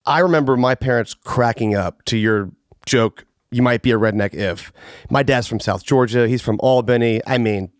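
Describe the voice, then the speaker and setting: A man's voice: mid-range voice, moderate pace, no room sound. A young man from Atlanta, hosting a podcast and speaking casually and enthusiastically, with easy laughter. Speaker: podcast host. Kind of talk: casual podcast intro and chat.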